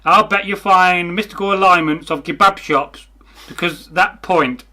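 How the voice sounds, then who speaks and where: Bloke co-hosting a comments chat, slightly high bright voice, dry jokey digs. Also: male voice, a little slow. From England. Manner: dry, mocking humour. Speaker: co-host. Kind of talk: casual comment-reading chat.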